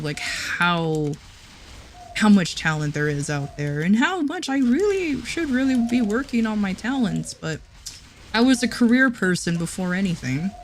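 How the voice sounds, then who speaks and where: A woman's voice: on the low side, a little hiss or hum. A woman livestreamer chatting casually with her chat, giggling often and restarting her sentences.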